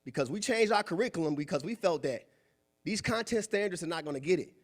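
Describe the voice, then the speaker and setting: A young man giving a preachy, animated motivational talk at a club meeting, acting out quoted voices. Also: high voice, fast talker. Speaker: guest speaker. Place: meeting room.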